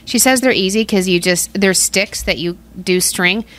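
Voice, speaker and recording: A woman's voice: medium pitch, moderate pace. A chatty woman, co-hosting a casual podcast. She tells stories and pokes fun at herself. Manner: chatty, self-deprecating, animated storytelling. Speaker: podcast co-host. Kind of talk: casual chat.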